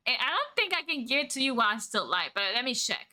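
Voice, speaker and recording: A woman's voice: high-pitched, big pitch swings, quick pace, bright, forceful tone. A woman live-streaming, chatting casually with her viewers in a playful, teasing way and laughing often.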